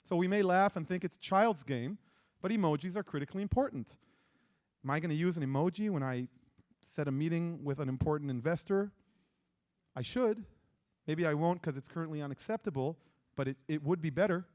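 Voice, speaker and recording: A man's voice: fairly high pitch, brisk, a little mellow. A man with an Israeli accent giving an interactive lecture and quizzing the audience with questions. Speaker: persuasion lecturer.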